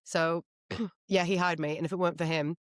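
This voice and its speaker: A woman speaking as a podcast guest, candid and lively as she talks about her path. Her voice sits on the low side for a woman, and the recording is close and dry with no room echo. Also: moderate pace. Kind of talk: casual interview chat.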